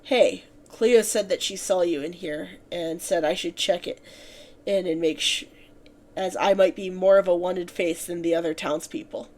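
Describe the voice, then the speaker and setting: A woman's voice: fairly low pitch, steady tone, moderate pace, darkish tone, lightly acted. A woman voicing an eager young nobleman. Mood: earnest.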